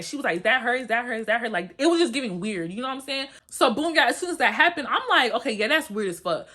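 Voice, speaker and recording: A young woman tells a personal story in a bright, clear voice that sits a little high. She talks in loose slang, keeps calling out to her viewers, and acts out what people said. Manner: animated, slangy, keeps addressing "y'all". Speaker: storytime vlogger. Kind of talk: casual storytelling.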